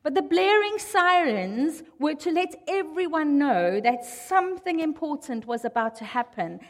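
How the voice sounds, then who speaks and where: Casting: woman preacher, high voice, lively storyteller, echoing hall. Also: creaky. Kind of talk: sermon.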